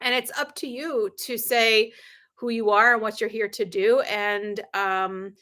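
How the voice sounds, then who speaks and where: A middle-aged woman business coach hosting a live stream, telling anecdotes with lively acted-out dialogue, frequent ums and sarcastic laughs. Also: a little slow. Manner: animated storyteller, acts out quoted dialogue with big pitch jumps.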